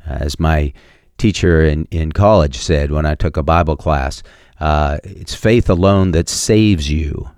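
Middle-aged male preacher, deep voice, emphatic, cites scripture with chapter and verse, dry close sound. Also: darkish tone, dry recording. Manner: emphatic preaching, rising sharply on key points. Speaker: pastor. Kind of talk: sermon.

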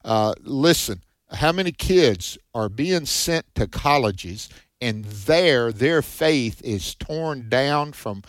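A man's voice: medium pitch, animated, slow, no room sound. Folksy man hosting a dry-sounding radio show. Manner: folksy, hesitant, frequent fillers. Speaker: host of a Christian radio call-in show. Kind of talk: casual radio chat.

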